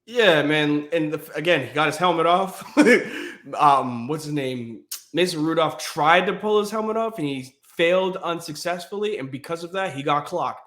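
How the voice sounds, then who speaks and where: A man co-hosting a casual sports podcast, telling stories with lots of energy, acting out quotes and laughing as he goes. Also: normal speed. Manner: animated storytelling, acts out quotes in a high voice, laughs often. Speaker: podcast co-host.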